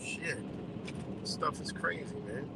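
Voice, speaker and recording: A man's voice: on the high side, unhurried, heavy background noise. A man hosting a live stream, ranting bluntly and exasperatedly with heavy swearing. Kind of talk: profane ranting commentary.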